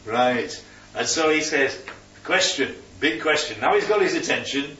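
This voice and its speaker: A man's voice: a little high, lively intonation, unhurried, sharp tone. A man leading a Bible study, teaching and quizzing the group with questions. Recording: roomy, distant, dull sound.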